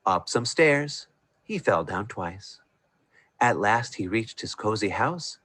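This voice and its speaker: A man reading a rhyming Christmas picture book aloud in a sing-song, expressive way over a video call. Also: lowish voice, slow, slightly rough, no room sound. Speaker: storyteller.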